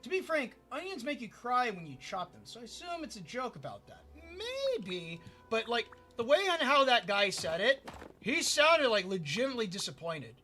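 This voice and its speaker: High-voiced guy streaming, bright tone, keeps stumbling and repeating himself, faint music behind. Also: sing-song, normal speed. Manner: rambling, repeats himself, stumbles over words. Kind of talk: casual storytelling while gaming.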